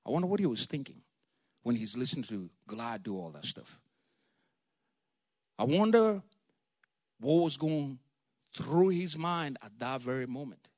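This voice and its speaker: A man's voice: medium pitch, sing-song, measured pace, pauses often, darkish tone, no echo, clean studio sound. A man giving an informal Bible teaching, talking conversationally and retelling scenes in casual slang. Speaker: preacher.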